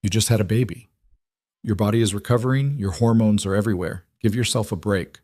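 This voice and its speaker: A man voicing a patient young single father, steady and gently firm in a storybook reading. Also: on the low side, a little fast, no room sound, clean studio sound, close to an everyday voice. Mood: reassuring. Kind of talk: storybook dialogue.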